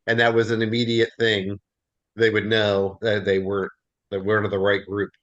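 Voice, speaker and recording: A man leading a Bible study class in a relaxed, chatty way with plenty of fillers. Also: fairly low pitch, normal speed, dull audio. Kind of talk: casual class discussion.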